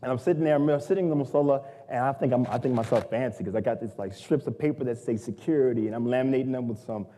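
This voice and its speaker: A young adult man giving a humorous storytelling talk, self-mocking and lively, acting out the people in his stories. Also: medium pitch, quick pace, hardly any pauses, slight background noise. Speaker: guest speaker. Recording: long hall reverb.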